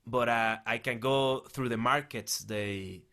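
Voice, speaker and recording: A man's voice: medium pitch, unhurried, sharp tone. A man from Mexico with a Mexican Spanish accent, a native Spanish speaker, chatting as a guest comedian and asking teasing questions. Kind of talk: casual comedy chat.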